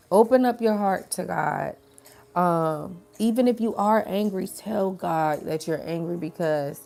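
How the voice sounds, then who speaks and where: A woman's voice: on the low side, gravelly, dark tone. A woman giving a casual spiritual pep talk to her viewers, chatty and colloquial, calling them y'all. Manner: acts out voices in quoted dialogue. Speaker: spiritual message creator.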